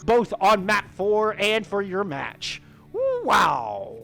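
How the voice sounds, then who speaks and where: High-voiced man calling esports play-by-play. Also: gravelly. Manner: rapid, rising to shouts at big plays. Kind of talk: live esports play-by-play commentary.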